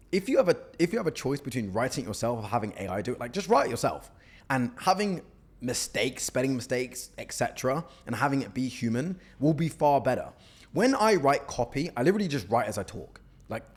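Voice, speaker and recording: A man's voice: medium pitch, husky. A young man coaching on cold outreach, blunt and mocking as he critiques messages, often tagging "okay?" onto his points. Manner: blunt, animated, mocking, says "okay?" a lot. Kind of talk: casual critique to camera.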